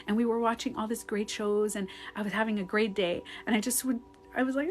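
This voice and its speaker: A woman life coach talking casually into her phone on a live stream at home, animated and swearing freely as she acts out her own outbursts. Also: a little high, a little fast, soft background music. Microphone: phone on a ring light.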